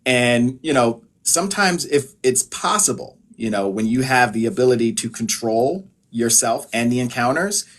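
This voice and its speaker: A man from the United States talks through health advice in a loose, conversational way, dotting his points with filler phrases. His voice sits at an ordinary male pitch. He sounds like a practitioner speaking to viewers on a live stream. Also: moderate pace, hardly any pauses. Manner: relaxed, explanatory, many filler phrases. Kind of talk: casual live-stream talk.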